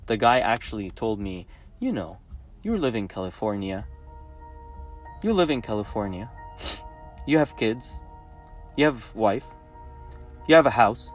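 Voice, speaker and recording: With a mid-range voice, this Egyptian man in his thirties, whose first language is Arabic, speaks English in an Egyptian accent. His personal monologue is emotional, both pleading and defiant, and he repeats phrases to drive his points home.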